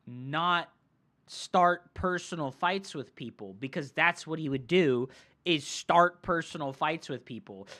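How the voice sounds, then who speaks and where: Man ranting with a bright, forceful voice. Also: high-pitched. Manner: profane, heated, animated storytelling; fillers like "like" and "right?". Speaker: game streamer. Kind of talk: ranting storytime chat.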